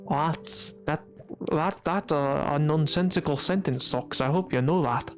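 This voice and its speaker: A man streaming a game who chats quietly with his viewers, joking along in a playful put-on Scottish-Irish accent. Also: on the high side, unhurried, soft background music. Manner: talking quietly, resting his voice. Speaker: Minecraft streamer. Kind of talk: casual livestream chat while gaming.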